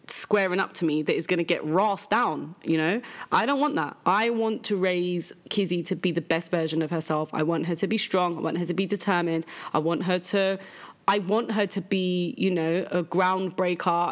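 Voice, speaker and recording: A young adult woman hosting a podcast, telling a candid, animated story about her daughter and jumping up in pitch when she quotes people. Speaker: podcast host. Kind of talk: casual storytelling monologue.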